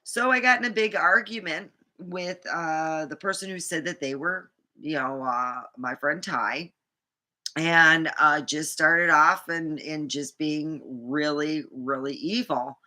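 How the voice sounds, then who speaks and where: Woman vlogger, rambling storytime, bright tone, slow unhurried delivery, fillers and restarts. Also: low-pitched. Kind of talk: casual storytime monologue.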